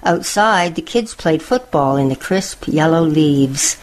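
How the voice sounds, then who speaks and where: A woman storyteller reading picture books aloud in a slow, expressive way. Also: deep voice.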